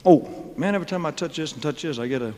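A man's voice: fairly high pitch, quick pace, darkish tone. A man telling stories on a concert stage in a rambling, joking way, with laughing asides. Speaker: stage performer. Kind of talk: onstage storytelling monologue. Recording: live concert hall reverb.

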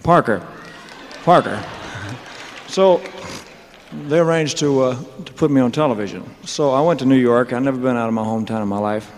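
A man's voice: medium pitch, moderate pace, slight background noise. A man telling his career story on a live stage, rambling with mumbled asides, wisecracks and chuckles. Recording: live hall with faint crowd ambience.

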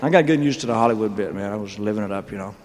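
A man's voice: on the low side, very fast, darkish tone, slight background noise. A man telling his career story on a live stage, rambling with mumbled asides, wisecracks and chuckles. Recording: live hall with faint crowd ambience.

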